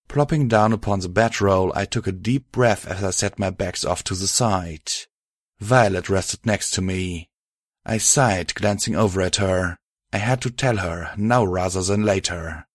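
A man narrating a story aloud in a steady, even storytelling manner. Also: on the low side, moderate pace, no echo, clean studio sound. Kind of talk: audiobook reading of fan fiction.

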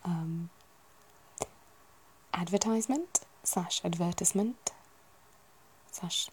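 A woman musing softly in a whispered ASMR chat, gently poking fun at herself. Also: lowish voice, takes it slowly, a little hiss or hum, rough recording. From United Kingdom. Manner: soft, self-deprecating, musing aloud. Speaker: ASMR video host.

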